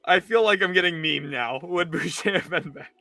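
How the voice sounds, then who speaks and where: A young man hosting a sports livestream, reacting in an exasperated rant that swings between loud outbursts and low mutters. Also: brisk, vocal fry, no echo, soft background music. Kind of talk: live reaction commentary.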